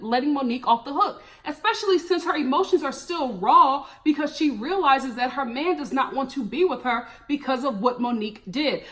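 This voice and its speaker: High, lively, sassy woman reviewer. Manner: sassy, blunt, teasing. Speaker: reality TV reviewer. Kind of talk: casual commentary.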